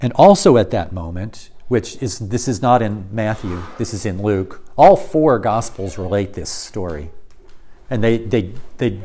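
Man preaching with lively, swinging pitch. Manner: dramatic storytelling, dropping to quiet intensity; acts out quoted lines. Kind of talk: sermon.

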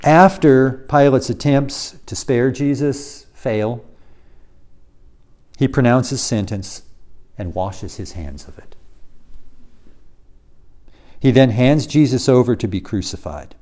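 A man's voice: medium pitch, slow pace, long pauses. A man teaching through a Bible passage in a conversational way, often restarting his sentences. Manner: animated, with restarts and varied loudness.

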